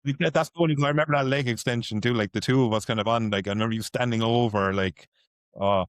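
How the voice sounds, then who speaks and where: A man's voice: medium pitch, fast, clear, resonant tone, dry recording, clean studio sound. An Irish man chatting casually on a podcast, reminiscing in a loose way with lots of fillers. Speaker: podcast guest. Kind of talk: casual chat.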